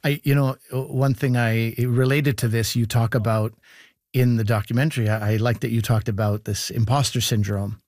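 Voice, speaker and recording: A man's voice: medium pitch, steady tone, moderate pace, darkish tone, no echo, clean studio sound. A man hosting an interview who asks thoughtful, loosely phrased questions and shares his own stories. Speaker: interviewer, host. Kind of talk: conversational interview.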